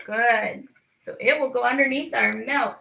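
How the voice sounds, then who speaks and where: Bright, gravelly-edged woman teaching kids. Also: on the high side, slight background noise, poor audio. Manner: slow, clearly enunciated, encouraging teacher talk. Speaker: speech clinic storyteller. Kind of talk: children's storytime lesson.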